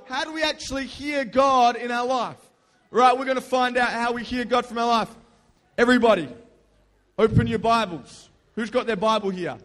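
Young male youth pastor, high voice, casual storyteller, crowd prompts, hall echo. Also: fairly even intonation, moderate pace, fairly bright tone. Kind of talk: lively youth sermon. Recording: long hall reverb.

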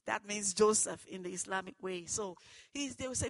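A woman giving an earnest personal testimony that turns into preaching, moving between hushed and loud, fervent passages. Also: mid-range voice, fairly quick, no room sound, poor audio. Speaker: testimony speaker.

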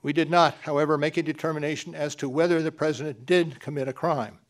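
Brief: deliberate male official, formal public statement, steady and careful. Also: a little high. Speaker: government official giving a statement.

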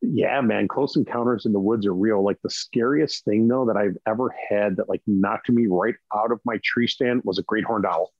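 Lower-pitched husky man, animated storyteller, dry dull lo-fi sound. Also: normal speed, hardly any pauses, no room sound. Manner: animated, acts out quotes with a raised voice, laughs often. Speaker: hunter telling stories. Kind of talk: casual storytelling.

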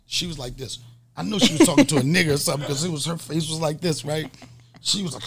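A middle-aged podcast host and comedian tells a profane, comic story with animation, acting out scenes complete with mock gasps. His voice is fairly high and husky, and he talks fast.

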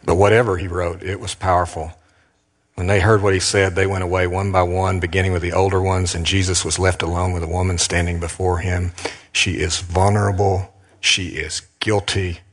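A deep-voiced man preaching a sermon as a pastor, earnest and emphatic. He slows down and leans on his words with dramatic pauses. His voice carries a long reverb, as in a church hall. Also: little pitch movement.

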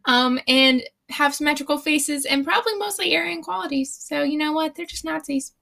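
A woman's voice: high-pitched, brisk, creaky, pushed and bright. A young adult woman co-hosting a casual book chat, talking in a chatty way, swearing freely and laughing often. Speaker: podcast co-host.

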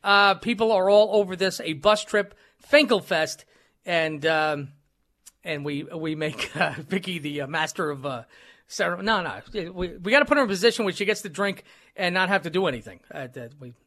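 A man's voice: sits high, moderate pace, fairly bright tone. A male talk radio host, joking and laughing through his banter with many fillers.

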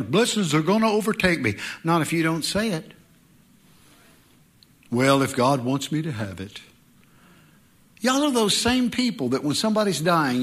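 A middle-aged pastor preaching a sermon in an animated way, with joking asides and mock voices. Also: male voice, on the high side.

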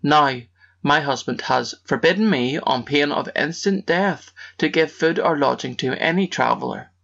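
An anxious, good-natured ogre's wife from a fairy tale, read by a man in his own gravelly voice. She pleads and frets. The audio is dull and lo-fi. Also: on the high side, normal speed, a bit bright. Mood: fearful. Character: fearful ogre's wife, middle-aged woman, good-natured.

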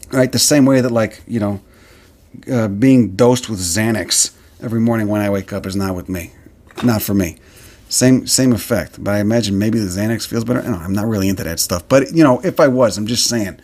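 A podcast host with a medium-pitched, somewhat dark voice rants on his solo show, animated and fairly quick. He's heated, profane, and worked up as he talks about a plant he's looking at.

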